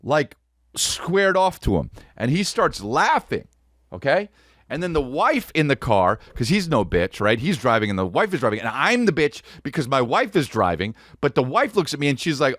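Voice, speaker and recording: A man hosting a podcast, telling a comedic story in an animated, profane way, close to the mic. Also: fairly high pitch, moderate pace, no room sound. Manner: animated, profane, peppered with "dude". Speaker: podcast host.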